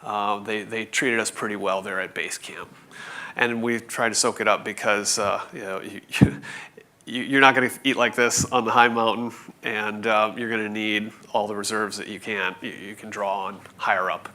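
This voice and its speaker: A man in his forties telling a conference audience a story, halting with many fillers and restarts, with light chuckles. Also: lowish voice, steady tone, pushed and bright. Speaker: conference speaker. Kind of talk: presentation talk.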